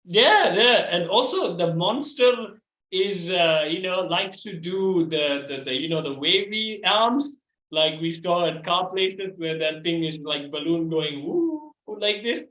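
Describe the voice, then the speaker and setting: Animated man hosting improv over a call. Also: high-pitched, slow pace. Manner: playful, leads the scene with dramatic asides. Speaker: improv host. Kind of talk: improv comedy scene over video call. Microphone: video call. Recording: echoey, dull video call audio.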